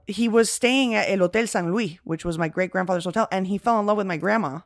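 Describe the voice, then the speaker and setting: Animated bilingual woman telling family stories. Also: mid-range voice, fast talker, a crowd in the background. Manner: animated storytelling, slips into Spanish. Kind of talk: casual chat.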